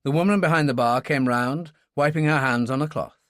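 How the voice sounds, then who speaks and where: A man's voice: mid-range voice, fairly quick, dry recording, studio quality. A man narrating a thriller audiobook and voicing many characters. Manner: expressive, voices many characters.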